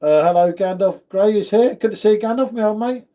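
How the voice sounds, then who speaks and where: Man, livestream host, casual chat, mellow tone, friendly greetings. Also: high voice, brisk. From United Kingdom. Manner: chatty, greets viewers, says "mate" a lot. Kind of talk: casual chat reading viewer comments.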